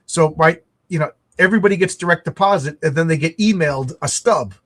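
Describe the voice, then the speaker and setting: A man's voice: fairly high pitch, a little fast, fairly bright tone. A middle-aged man from the United States, chatting casually as a co-host, rambling with lots of restarts. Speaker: podcast co-host. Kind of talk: casual chat over a video call.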